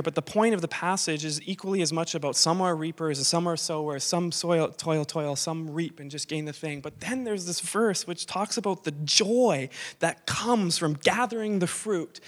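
A man preaching a conversational sermon in an informal, self-questioning way, often restarting his sentences. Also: high voice.

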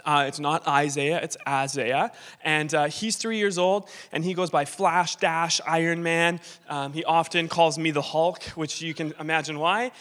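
A bright-voiced man in his thirties speaks from the stage as a visiting missionary, wandering into joking, self-deprecating asides. His voice sits fairly high and rings out with a long hall reverb. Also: fairly even intonation, normal speed, hardly any pauses. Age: 30s. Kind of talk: church talk with humorous stories. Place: church sanctuary.

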